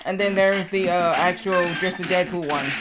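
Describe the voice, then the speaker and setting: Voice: medium pitch, fairly even intonation, normal speed. Rambling live streamer with music behind. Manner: rambling anecdote-telling, many fillers. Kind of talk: casual livestream chat.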